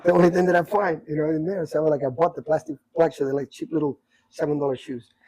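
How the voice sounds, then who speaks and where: A middle-aged man telling stories from his life in a casual chat, animated and repeating himself as he acts out what people said. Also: fairly high pitch, quick pace, slightly rough, rough recording. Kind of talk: casual storytelling.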